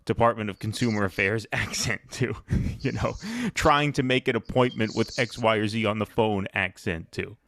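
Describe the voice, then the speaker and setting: A man's voice: fairly low pitch, normal speed, vocal fry, few pauses, fairly bright tone, dry recording, clean studio sound. Blunt opinionated male podcast host. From New York City area. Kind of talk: casual political podcast chat.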